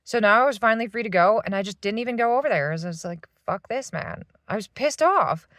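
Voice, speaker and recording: A woman's voice: medium pitch, animated, fast talker, a bit bright, no echo, clean studio sound. A woman in her thirties venting in a rambling, swearing monologue from a parked van. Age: 30s. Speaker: vlogger.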